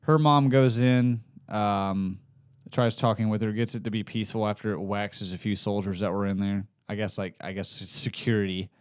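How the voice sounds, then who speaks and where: Laid-back man with a smooth, low voice. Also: steady tone, normal speed, no echo, studio quality. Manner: laid-back, rambling, swears casually. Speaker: podcast co-host. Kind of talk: casual podcast chat.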